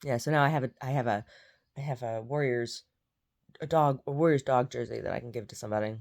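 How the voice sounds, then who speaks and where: A woman's voice: rumbling low, fast, a little mellow. A woman vlogger chatting casually and meandering, repeating words and muttering asides to herself. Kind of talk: casual rambling chat.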